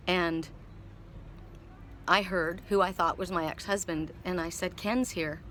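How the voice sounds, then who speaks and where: Rambling, bright-voiced woman telling a story. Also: on the low side, steady tone, a little slow, pauses often, slight background noise. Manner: rambling, repeats words, emotional. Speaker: tarot card reader. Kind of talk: casual spoken storytelling.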